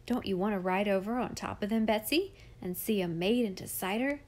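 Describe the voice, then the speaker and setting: A woman's voice: medium pitch, a little fast, darkish tone, lightly acted. A woman reading a storybook, voicing an easygoing old farmer uncle in a mild, musing tone.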